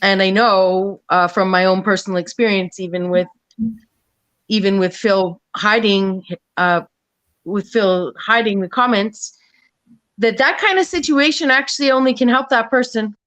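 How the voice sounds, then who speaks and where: A woman's voice: medium pitch, a little slow, fairly bright tone, no echo, rough recording. A woman in casual panel talk on an online stream, rambling with many fillers and restarts and swearing freely.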